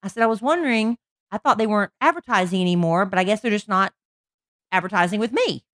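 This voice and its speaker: A woman's voice: medium pitch, animated, fast talker, a bit bright, dry recording, clean studio sound. A woman, co-hosting a podcast, teasing and laughing as she chats. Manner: playful, teasing, laughs often. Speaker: podcast co-host. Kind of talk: casual storytelling chat. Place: in a car.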